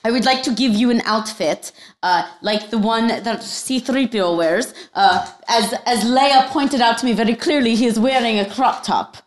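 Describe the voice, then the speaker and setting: A woman's voice: a little high, moderate pace, hardly any pauses, roomy sound. Giggly woman hosting an improv bit. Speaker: podcast host playing a bachelorette. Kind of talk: improvised comedy chat.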